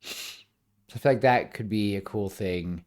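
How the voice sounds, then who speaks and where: Animated man pitching ideas. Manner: animated, acts out scenes with quick voices; frequent fillers like "like". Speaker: podcast co-host. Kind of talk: casual pitch-meeting chat.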